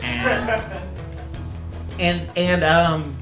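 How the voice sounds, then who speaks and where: A man's voice: a little high, lively intonation, a little slow, reverberant, over music. A man telling a comic personal story on stage, self-mocking and often breaking into laughter.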